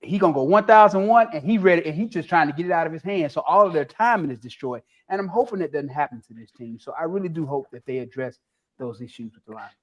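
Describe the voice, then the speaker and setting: A man's voice: a little high, lively intonation, quick pace, dull audio. A man, a former linebacker, sits on a sports talk panel and speaks in a slightly raised male voice. He is blunt and emphatic and swears to punch his points home. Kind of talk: casual sports chat.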